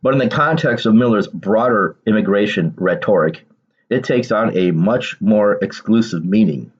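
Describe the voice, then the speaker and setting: A man's voice: fairly low pitch, lively intonation, normal speed, husky, dull audio. A man doing casual political commentary on his vlog, reading aloud and then ranting emphatically with bursts of laughter.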